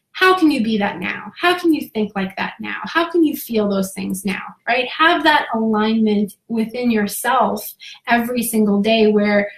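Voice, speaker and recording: A woman with a fairly high voice talks straight to her viewers, frank and emphatic, peppering her points with "like" and "right?". The room around her rings with a noticeable echo. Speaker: spirituality coach. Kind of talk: casual live talk to viewers. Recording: roomy echo.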